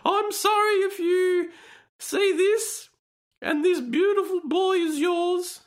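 A man putting on a shrill falsetto voice as an overwrought, sentimental woman posting online, reading her posts mockingly. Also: fairly even intonation, slow pace. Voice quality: high falsetto.

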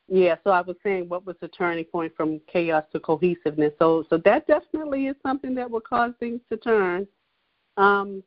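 A woman hosting a podcast who speaks in a fairly low voice and chats in a loose, easygoing way with many fillers. The sound is dry and close, slightly dull and muffled. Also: no echo. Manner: chatty, lots of fillers. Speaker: podcast host. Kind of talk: casual interview chat.

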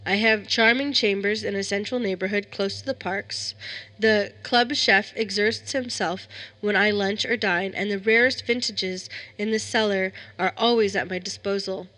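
A woman narrating a dark tale in a steady, measured way. Her voice is bright and clear, pitched in the middle range. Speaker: story reader. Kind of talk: scripted narration of a horror story.

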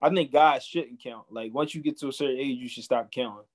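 Young guy, mid-pitch voice, blunt and cussing a lot, laid-back podcast chat. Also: a little fast. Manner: blunt, profane, opinionated. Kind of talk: casual chat.

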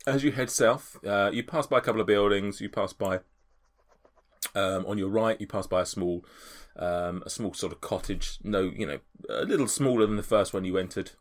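Male game master, very low voice, halting narration full of ums. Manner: hesitant, many fillers.

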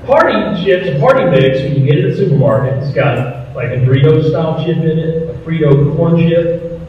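A man's voice: fairly high pitch, lively intonation, moderate pace, a little hiss or hum. A middle-aged man with a Southern American accent, telling stories to a live audience as a retired firefighter, earnest and acting out the voices he quotes. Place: firehouse hall. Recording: distant, echoey, dull hall recording.

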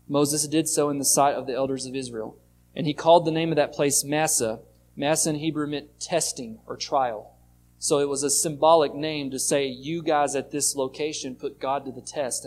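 A man's voice: a little high, darkish tone, slight background noise. A male pastor giving a sermon, reading scripture aloud and explaining it in a conversational way.

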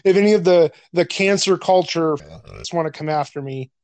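A man's voice: a little high, brisk, a little mellow, dry recording. A man co-hosting a podcast in casual chat, blunt and profane, laughing often. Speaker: podcast co-host.

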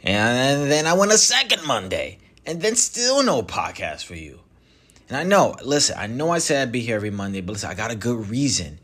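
Man, podcast host, casual solo talk, chatty, mid-pitched voice, conversational restarts. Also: very animated, a little fast, fairly bright tone, slightly rough. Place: Mexico.

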